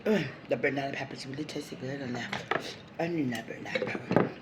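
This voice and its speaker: A woman vlogging a meal, talking with her mouth full and murmuring between bites. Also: rumbling low. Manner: talks with mouth full between chewing sounds; slow, relaxed, murmured asides. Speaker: mukbang vlogger. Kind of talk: casual talk while eating. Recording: noisy, with clicking sounds.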